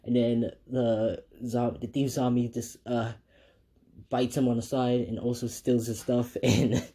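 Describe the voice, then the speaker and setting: A man's voice: medium pitch, level tone, a little slow, warm tone. Rambling man retelling a fan story. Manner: rambling, many fillers and restarts.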